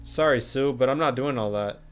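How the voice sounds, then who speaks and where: A man's voice: mid-range voice, brisk, clear, resonant tone, faint music behind. Laid-back young man chatting on stream. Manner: laid-back, joking, slangy, reads chat aloud. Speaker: livestreamer. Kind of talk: casual livestream chat.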